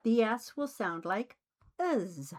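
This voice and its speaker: Slow, deliberate woman teaching pronunciation. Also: mid-range voice, sing-song. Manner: deliberate, carefully enunciated delivery. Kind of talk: slow scripted instruction.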